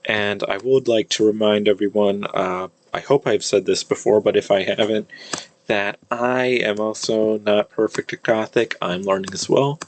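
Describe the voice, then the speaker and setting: A man teaching an old language, thinking aloud, with many fillers and restarts and slow word-by-word reading. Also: on the low side, steady tone, slight background noise. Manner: reads old-language text slowly, word by word. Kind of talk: casual screen-share lesson.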